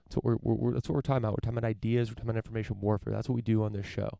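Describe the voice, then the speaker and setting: Speaking rapid-fire in a warm, creaky voice on the low side, the young podcast host keeps his tone level. He rambles profanely from his parents' home in a casual solo monologue, packed with fillers and restarts. The recording, made with a live-stream camera setup, is dry.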